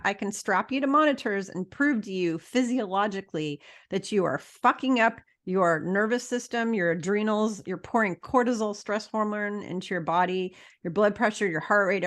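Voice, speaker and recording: A woman's voice: mid-range voice, fairly bright tone. A middle-aged woman hosting a casual interview show, talking emphatically and bluntly, swearing freely as she lectures her listeners. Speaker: podcast host.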